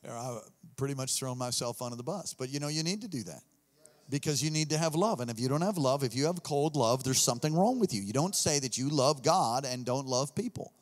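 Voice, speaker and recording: A man preaching a sermon as pastor, animated, swinging between low murmurs and shouts. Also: fairly quick. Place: church hall. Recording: long hall reverb.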